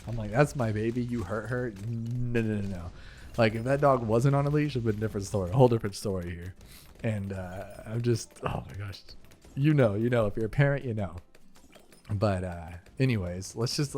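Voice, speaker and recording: A man's voice: medium pitch, warm tone. A man giving casual commentary over gameplay, rambling into talkative, emphatic stories and sounding exasperated. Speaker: gaming video creator.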